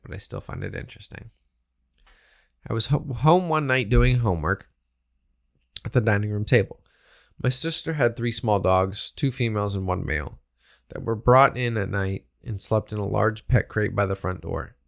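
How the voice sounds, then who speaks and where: A man reading a ghost story aloud in a steady, matter-of-fact way, chatting with a co-host between passages. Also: lowish voice, normal speed, creaky.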